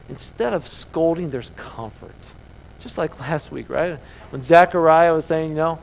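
Emphatic preacher man, slightly high voice. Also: a little slow, creaky, slight background noise, low-quality recording. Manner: emphatic, repetitive rhetorical questions. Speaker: pastor. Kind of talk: sermon. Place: church service with congregation.

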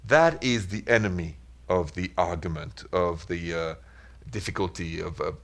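A man with a deep voice hosts a radio advice show at normal speed, speaking earnestly and reflectively in casual radio talk with simple repeated phrases.

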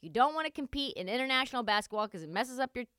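A young woman hosting a solo sports podcast, talking in a sarcastic, animated, joking way. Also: a little high, rapid-fire, smooth, no echo, clean studio sound. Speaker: podcast host.

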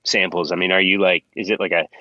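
A man interviewing a guest, asking drawn-out, joking questions. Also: low-pitched, little pitch movement, sharp tone, dry recording. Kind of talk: casual interview talk. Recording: slightly dull, dry recording.

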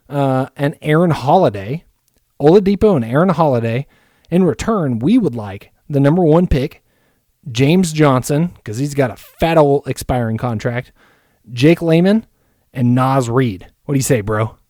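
A man's voice: fairly high pitch, mellow, no room sound, studio quality, lightly acted. A man voicing a brash young frat-bro team executive with a put-on surfer bro accent, slangy and swaggering on a mock trade call.

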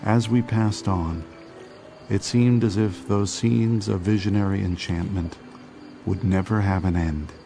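A man reading a historical passage aloud in a slow, measured way. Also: on the low side, steady tone, creaky, mellow, soft background music.

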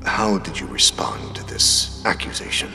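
An actor playing a detached unseen questioner who calmly probes a witness in an audio drama. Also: male voice, deep voice, normal speed, creaky, soft background music, heavily acted. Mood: probing. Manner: calm questioning. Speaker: interrogator. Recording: distant voice with long hall reverb.

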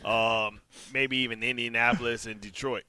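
A man's voice: medium pitch, level tone, normal speed, bright, forceful tone, smooth, no room sound. A man co-hosting a sports radio show, chatting casually and joking, with frequent stammered restarts.

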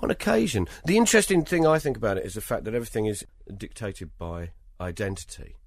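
A British man with a deep, low voice tells travel stories with lively relish, slipping into the voices of people he met. His tone is a little husky, and the recording is dry and close, with no room sound. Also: fast talker, no room sound. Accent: British English. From Britain. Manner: lively raconteur, acts out other people's lines. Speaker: interview guest, travelling performer. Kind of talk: conversational anecdotal storytelling.

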